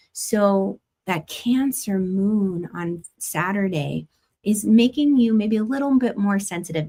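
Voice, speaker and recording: A woman hosting an astrology forecast, talking in a chatty, gentle way with lots of "like" fillers and the odd light laugh. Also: medium pitch. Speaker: astrologer host. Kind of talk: casual spiritual forecast talk.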